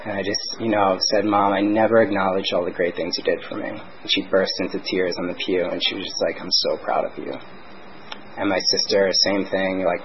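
A young man candidly sharing his recovery story at a twelve-step meeting, talking conversationally with lots of "like" and "you know". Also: deep voice. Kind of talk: personal recovery share. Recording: dull lo-fi recording with faint noise.

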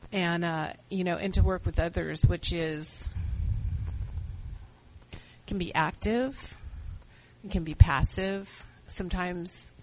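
A middle-aged speaker on a recovery meeting panel, giving an earnest, reflective personal testimony with halting restarts. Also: medium pitch, a little hiss or hum, rough recording.

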